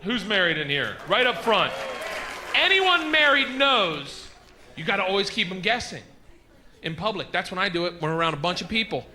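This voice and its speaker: A man performing a stand-up comedy set on a club stage, telling loud, rowdy stories with shouted bursts into a handheld mic. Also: high voice, very animated, moderate pace. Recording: noisy live club recording.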